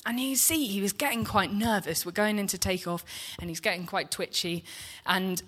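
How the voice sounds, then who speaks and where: A woman's voice: medium pitch, moderate pace. Chatty woman preaching. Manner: chatty, animated storyteller who acts out dialogue. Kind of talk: sermon with personal storytelling. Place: church hall.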